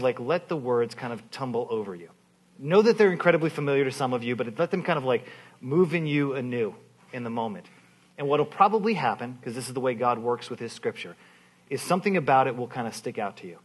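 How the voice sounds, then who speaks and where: A man with a husky, slightly breathy voice leads a church service as pastor. He speaks casually with restarts and fillers, then slows to a soft, unhurried reading of scripture. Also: medium pitch. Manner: informal, restarts phrases, many "kind of" fillers; reads scripture slowly and softly. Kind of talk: sermon with prayer and slow scripture reading.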